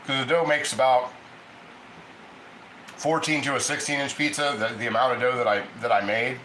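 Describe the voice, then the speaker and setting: A man's voice: medium pitch, fairly even intonation, moderate pace, pushed and bright, slight background noise. Chatty man in an echoey kitchen. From Ohio. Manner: rambling, chatty, reads viewer comments aloud. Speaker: cooking livestream host. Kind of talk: casual livestream chat while cooking.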